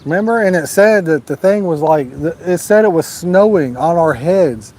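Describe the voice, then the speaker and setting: A man's voice: on the high side, lively intonation, moderate pace, a little mellow. Laid-back man hosting a fishing livestream. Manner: laid-back, drawling, urges viewers to like and subscribe. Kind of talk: casual live-stream chat, reading viewer comments. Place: outdoors at a lake at night, storm nearby.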